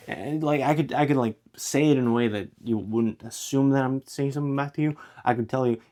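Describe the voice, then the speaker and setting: A man's voice: medium pitch, brisk, few pauses, dark tone. Rambling young man musing to camera. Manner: rambling, loose and casual, many restarts, slangy with "dude" and "bro", swears freely. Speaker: vlogger. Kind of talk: rambling philosophical monologue to camera.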